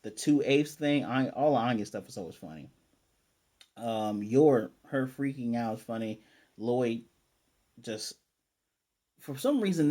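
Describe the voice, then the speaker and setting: An animated male anime reviewer who talks in a chatty, slangy way at a mid-range pitch. He rambles freely, circles back on his own points, and recounts scenes with plenty of personality. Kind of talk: casual chat.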